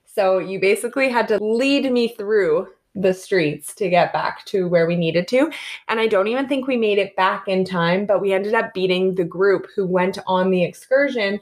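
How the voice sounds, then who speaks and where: A young woman from Canada, co-hosting a casual chat and telling animated travel stories, full of "like" and "basically". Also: medium pitch, moderate pace. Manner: animated storytelling with lots of "like" and "basically". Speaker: co-host recounting travels.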